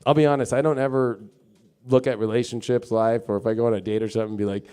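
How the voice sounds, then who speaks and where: A man's voice: mid-range voice, steady tone, fast, warm tone, smooth. A man giving a casual live-stream tarot and astrology reading, rambling, swearing freely and acting out mocking quotes. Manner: rambling, filler-heavy talk.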